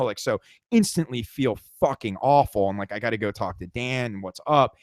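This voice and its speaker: A man's voice: medium pitch, fairly quick, no echo, studio quality. A man co-hosting a podcast, telling a tour story in casual chat, swearing a lot and acting out what people said. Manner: animated, swears a lot, acts out quotes. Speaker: podcast co-host.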